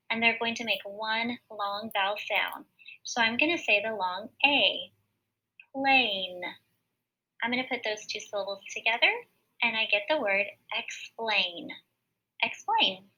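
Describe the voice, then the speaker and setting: A woman teacher giving a recorded word study lesson for children, patiently sounding out syllables slowly and clearly. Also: a little high, sharp tone, rough recording.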